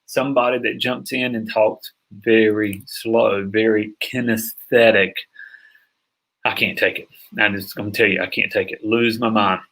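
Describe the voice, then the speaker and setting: A middle-aged man from North Carolina with a slight Southern drawl, teaching sales in a fast, emphatic way and often checking that listeners are following. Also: on the low side, steady tone, a bit bright. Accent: Southern American drawl. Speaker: sales coach. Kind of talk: teaching a sales training session.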